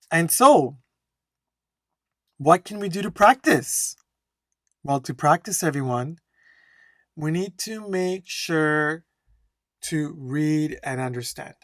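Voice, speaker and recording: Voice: medium pitch, fairly bright tone, no room sound, studio quality. A speaking test instructor teaching a lesson, stressing key words and often checking in with "okay?". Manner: slow, emphatic, keeps checking in with "okay?".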